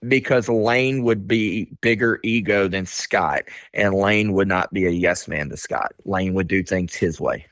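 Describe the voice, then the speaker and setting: A man speaking as a guest insider on a radio sports talk interview, candid and blunt, often filling pauses with "you know" and "um". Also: low-pitched, a bit bright, dry recording.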